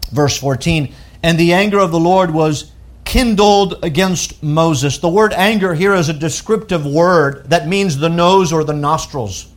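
High-voiced man preaching conversationally. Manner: conversational preaching, paraphrasing scripture in plain speech, with verbal restarts. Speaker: pastor. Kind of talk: sermon.

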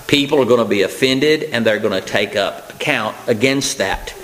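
A man's voice: mid-range voice, normal speed, a bit bright, slight background noise, poor audio. A man preaching a sermon, his voice rising to emphatic preaching at key points, with fillers and restarts.

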